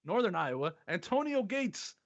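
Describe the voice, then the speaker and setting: A man with a high voice hosts a casual sports podcast at a moderate pace, and the recording is muffled. He's lively and laughs often, casually reading an ad and then quizzing his co-host in a sports quiz chat full of laughter.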